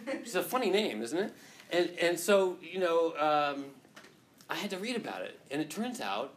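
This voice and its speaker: A man's voice: a little high, very animated, normal speed, slight background noise. A male teacher lecturing to a class and telling a story against himself, rambling with many restarts and frequent laughs.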